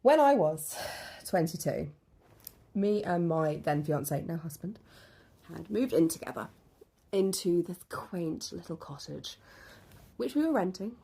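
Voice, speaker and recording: A woman's voice: lowish voice, vocal fry, slightly rough. A young woman telling a true ghost story in a blunt, casual way with some swearing.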